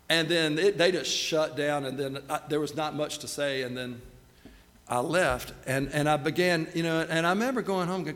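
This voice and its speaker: A man's voice: fairly high pitch, moderate pace. Man, middle-aged, raised voice, preaching with a long hall echo. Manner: self-deprecating, animated storytelling. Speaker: pastor. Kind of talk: sermon storytelling.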